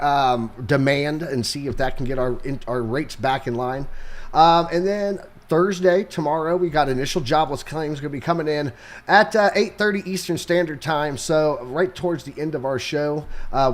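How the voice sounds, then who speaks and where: A man's voice: fairly high pitch, normal speed. A young adult man, co-host on a live market stream, running through the economic calendar in a loose, casual way with sarcastic jokes and plenty of fillers. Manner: loose and joking, sarcastic asides, many fillers.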